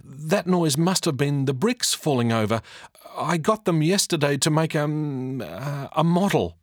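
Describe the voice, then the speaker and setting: A man's voice: expressive, a little slow, no echo, clean studio sound. A man voicing an anxious, eager young boy in a children's storybook reading. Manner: raised, boyish pitch.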